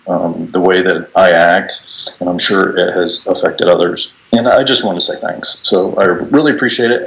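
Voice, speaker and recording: Deep-voiced man on a video call. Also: lo-fi sound. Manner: relaxed storytelling with many fillers and restarts. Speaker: coworker giving a farewell speech. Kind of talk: casual speech on a video call.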